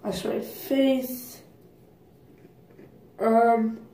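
A woman's voice: a little high, fairly even intonation, very slow, warm tone. A teenage girl rambling through her morning routine in a casual vlog, chatty and full of fillers. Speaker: vlogger. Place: bathroom at home. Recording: roomy echo, voice from a distance.

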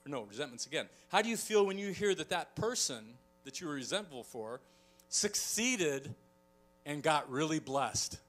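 A middle-aged man preaching a sermon as a pastor, telling stories with animated delivery and acting out quoted voices. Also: fairly high pitch, normal speed, soft background music. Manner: animated storytelling, acts out quoted voices, chuckles often.

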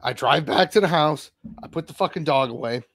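On a podcast, a male co-host animatedly retells a long story while swearing constantly, in casual profane storytelling. His voice is a little high and brisk. The sound is clean studio quality with no echo.

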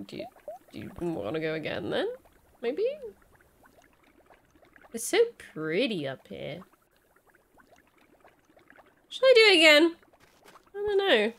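A young woman giving excitable let's-play commentary, squealing, panicking and repeating herself as she plays. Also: fairly high pitch. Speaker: gaming YouTuber.

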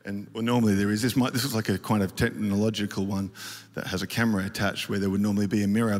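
A man giving a casual, rambling talk at a church conference, full of fillers and self-deprecating asides. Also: lowish voice. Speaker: worship leader speaking at a conference. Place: large auditorium stage. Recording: reverberant hall, faint ambience.

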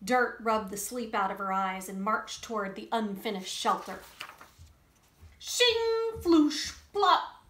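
A woman reading a children's book aloud in an expressive way to young listeners. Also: medium pitch, moderate pace, few pauses, slight background noise. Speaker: storybook reader. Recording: roomy echo.

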